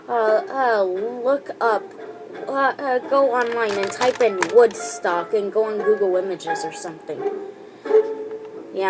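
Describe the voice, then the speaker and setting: Hosting a casual countdown video, a woman with a slightly high voice speaks hesitantly, with lots of fillers and restarts. Music plays behind her, and the recording is rough.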